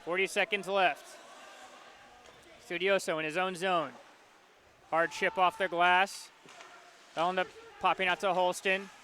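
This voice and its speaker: A man calling a hockey game play-by-play, his voice high and bright. He rattles off each pass and shot in a steady, level tone, with faint arena noise behind him. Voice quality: quick, rhythmic calling of the action. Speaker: play-by-play announcer. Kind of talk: live hockey play-by-play commentary.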